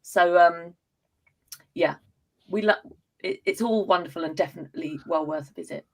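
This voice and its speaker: A woman's voice: on the low side, moderate pace, poor audio. A woman from Hertfordshire with an Estuary English accent, co-hosting a casual chat and laughing easily. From Hertfordshire, England. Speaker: co-host.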